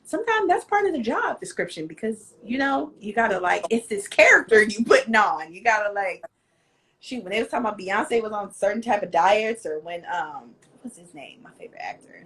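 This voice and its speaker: A woman interview host with a lively, swooping pitch, speaking at a medium pitch overall. She talks in a bubbly, gushing way and laughs easily. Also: a little fast, rough recording. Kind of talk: casual interview chat.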